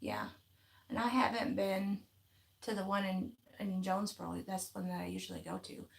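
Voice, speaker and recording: A woman, chatting casually on a live craft stream, folksy and quick to laugh. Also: mid-range voice, animated, creaky. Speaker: craft vlogger hosting a live chat. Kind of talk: casual live-stream chat, reading viewer comments.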